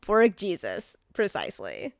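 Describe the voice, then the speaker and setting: A woman streamer chatting casually and excitedly, rambling, swearing now and then and answering chat, while hiccuping. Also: medium pitch, a little slow, creaky, no room sound, clean studio sound.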